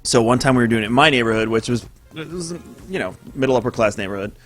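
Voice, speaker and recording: A man's voice: mid-range voice, fast talker, a bit bright, faint music behind. A man casually telling a story as podcast co-host, acting out the other voices and swearing freely.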